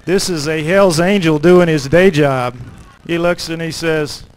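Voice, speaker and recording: A middle-aged man, an author and lecturer, telling a story to an audience in an animated way with dramatic pauses. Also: on the high side, low-quality recording.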